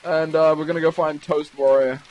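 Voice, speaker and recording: A teenage boy hosting a casual gaming video, joking and telling stories quickly over voice chat. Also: a little high, level tone, music in the background, poor audio. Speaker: channel host.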